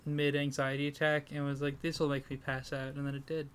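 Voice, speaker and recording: A man's voice: on the high side, completely flat delivery, brisk, fairly bright tone, clean tone. A man co-hosting a casual comedy podcast, rambling and self-deprecating, sleep-deprived and breaking into laughter. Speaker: podcast co-host.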